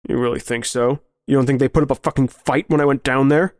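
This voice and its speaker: A man reading the part of a brutal, bearded man who sneers and threatens slowly. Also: mid-range voice, steady tone, no echo, studio quality, close to an everyday voice. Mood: menacing. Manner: sneering, menacing, slow counting. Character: brutal bearded man, menacing, laughing at the world.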